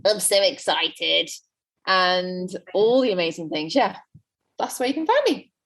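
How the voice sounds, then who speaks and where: A woman who is a guest coach on a podcast, speaking in a reflective, warm-hearted, encouraging way. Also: lowish voice, lively intonation, measured pace, gravelly. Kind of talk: casual interview chat.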